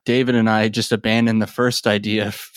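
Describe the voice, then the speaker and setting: A man's voice: lowish voice, level tone, fairly quick, no echo, studio quality. A man hosting a podcast, explaining the show casually and laughing as he goes. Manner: laughs through his explanations. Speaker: podcast host.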